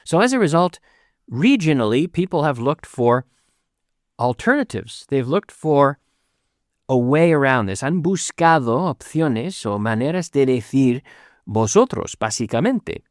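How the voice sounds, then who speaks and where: Lively bilingual male English teacher. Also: mid-range voice, dry recording, studio quality. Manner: switches between English and Spanish, repeats sentences slowly for learners. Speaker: English teacher and podcast host. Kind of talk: bilingual language lesson.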